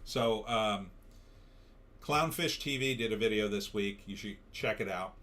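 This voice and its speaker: A man's voice: lowish voice, a little slow, fairly bright tone. A tired man hosting a livestream, ranting in a casual way and reading out chat comments. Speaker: livestream show host.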